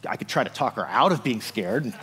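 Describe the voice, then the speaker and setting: A man's voice: medium pitch, lively intonation, fairly quick, fairly bright tone, a little hiss or hum. Pastor, man, chatty sermon delivery, voice ringing in a reverberant sanctuary. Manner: conversational, frequent "like" and "right?".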